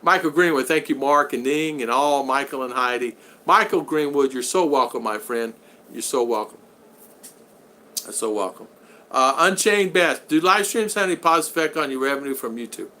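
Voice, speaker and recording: A man's voice: mid-range voice, normal speed, sharp tone. A middle-aged man hosting a casual live stream, chatty, laughing often and thanking viewers over and over. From Florida. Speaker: live stream host reading super chats.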